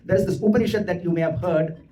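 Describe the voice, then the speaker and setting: A man giving a devotional lecture in a temple hall, explaining scripture and slowly chanting Sanskrit mantras. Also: high voice, warm tone, recorded from a distance.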